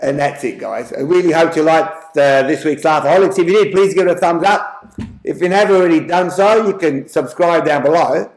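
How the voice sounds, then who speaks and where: Australian man telling jokes, easygoing and chatty, fairly high voice, echoey room. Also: brisk. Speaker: joke-telling channel host. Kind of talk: casual joke telling. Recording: roomy echo.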